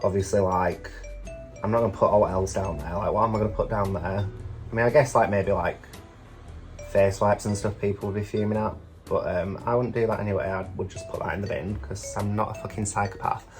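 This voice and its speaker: A man's voice: lowish voice, steady tone, fairly quick, a little mellow, soft background music. A young British man, a drag queen vlogger, telling stories casually, swearing freely and filling with lots of "like". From United Kingdom. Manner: chatty, swears freely, many fillers. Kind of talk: casual storytelling.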